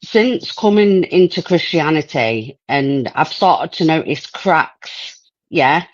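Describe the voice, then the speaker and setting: A woman's voice: low-pitched, animated, slow pace, no echo. A woman from the East Midlands of England with a thick East Midlands accent, calling in and talking in a hesitant, rambling way. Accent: East Midlands English. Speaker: caller. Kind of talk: casual phone-in talk. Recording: dull, dry lo-fi call line.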